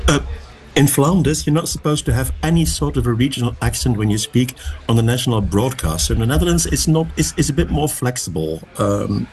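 Hesitant mid-pitched man researcher. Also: a little mellow. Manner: hesitant, many ums and restarts. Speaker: linguist guest, researcher. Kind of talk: radio interview answer.

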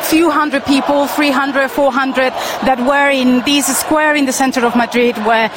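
A woman's voice: high-pitched, fairly even intonation, unhurried. A woman reporter giving a live, unscripted account at a city street protest, stopping and restarting her sentences with fillers and pushing her voice over the crowd. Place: outdoors in a city square at a protest. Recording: loud outdoor street noise.

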